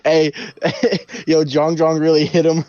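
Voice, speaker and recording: A young man co-hosting a podcast, talking in relaxed casual chat with slang like "bro". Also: a little high, slow pace, no echo, muffled recording. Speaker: podcast co-host.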